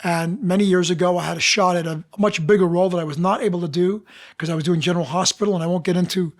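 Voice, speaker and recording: A man with a fairly high voice talks as a podcast guest. He tells his stories with animation and acts out the people he quotes. He speaks as a seasoned actor and dialect coach. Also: fairly even intonation, quick pace. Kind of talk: casual interview storytelling.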